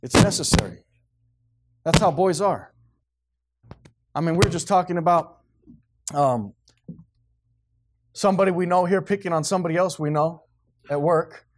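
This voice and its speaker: A man's voice: a little high, normal speed, pauses often, background noise. A man, preaching a blunt, emphatic sermon as pastor. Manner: blunt, emphatic preaching, grows loud and animated.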